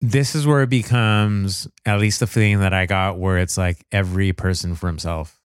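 A young man talking casually about a film, measured and a little hesitant. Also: low voice, steady tone, clean tone, no room sound, clean studio sound. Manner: measured, hesitant, uses fillers like "you know". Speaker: podcast co-host. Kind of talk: casual chat reviewing a film.

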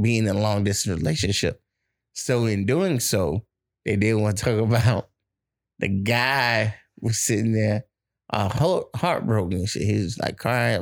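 A man's voice: fairly low pitch, creaky. Man, casual co-host chat, blunt, profane, storytelling.

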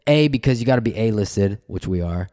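A man hosting a podcast, telling a story in a casual, animated way and laughing often. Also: fairly low pitch, fairly quick. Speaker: podcast host.

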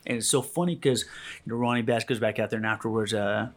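A man's voice: fairly low pitch, steady tone, fast talker, background noise. A man hosting a podcast, earnest and motivational, acting out quotes in his stories. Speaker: podcast host. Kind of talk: casual podcast chat.

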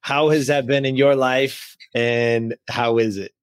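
A man hosting a podcast, talking with a middle-pitched voice that leaps higher when he gets fired up. His manner is emphatic and energetic, full of quick asides, and the sound is dry and close. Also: clean tone, no echo. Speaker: podcast host. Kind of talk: casual interview chat.

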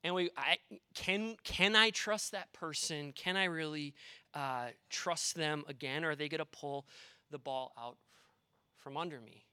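High, bright-voiced male pastor. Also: a little slow, smooth, dry recording. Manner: earnest, with rhetorical questions and personal stories. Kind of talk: conversational sermon.

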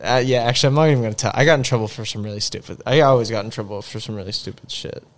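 A man's voice: mid-range voice, very fast. Young man, podcast co-host, casual storytelling, laughs often, swears casually.

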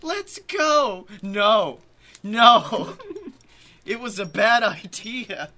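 A man's voice: high voice, drawn-out words, bright, forceful tone. A man with a head cold co-hosting a podcast, joking and swearing freely in casual banter. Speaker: podcast co-host.

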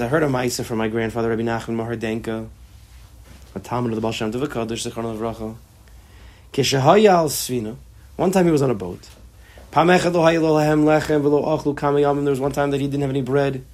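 A man teaching a class on a religious text, expressive and acting out the quotes as he explains them. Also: mid-range voice. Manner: expressive, acts out quotes, mixes Hebrew terms. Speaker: Torah teacher.

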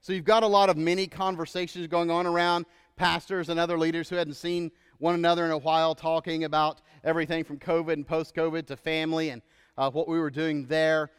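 A man's voice: on the high side, clear, resonant tone. Man preaching in an echoing hall. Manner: conversational storytelling, asks "right?" often. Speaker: pastor. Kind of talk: sermon.

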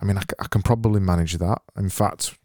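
A man's voice: low-pitched, fairly even intonation, quick pace. A British man hosting a podcast, rambling through a comic monologue with stumbles and dry, self-mocking humor. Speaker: podcast host. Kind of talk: casual comedic monologue.

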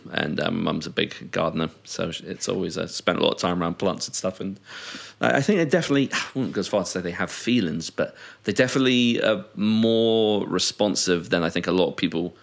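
Very low-voiced laid-back man. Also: a little fast, vocal fry, few pauses. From United Kingdom. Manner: swears freely, relaxed and laid-back. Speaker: podcast co-host. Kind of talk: casual chat.

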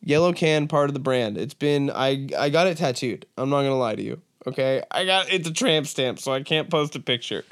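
A man's voice: medium pitch, lively intonation, a little fast, hardly any pauses, clean tone, no echo, clean studio sound. A young man hosting a podcast, riffing through a crude, rambling comedic monologue with mock-serious asides. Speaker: podcast host.

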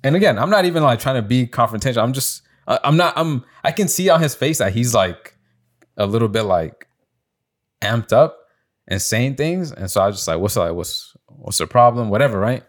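A young man co-hosting a podcast tells a story casually among friends, acting out quotes in a raised voice and swearing often. His voice is mid-range, expressive and brisk.

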